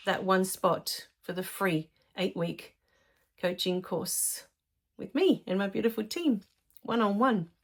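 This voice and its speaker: A middle-aged woman, a life coach talking casually to her followers in a chatty storytelling way. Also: medium pitch. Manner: chatty, warm storytelling with laughs.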